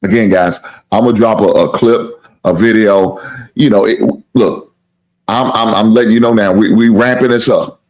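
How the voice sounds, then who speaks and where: This man's voice is deep and low, moving at normal speed as he hosts a laid-back live sports stream. He's a sports talk show host who wanders, returns to earlier points, swears casually and plugs his channel again and again in a relaxed way.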